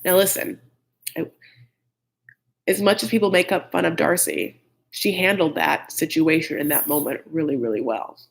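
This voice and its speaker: A man's voice: on the high side, steady tone, moderate pace, vocal fry, long pauses, fairly bright tone. A man hosting a live chat recap of a reality show, gossipy and blunt, with frequent "like" and mocking impressions of the cast.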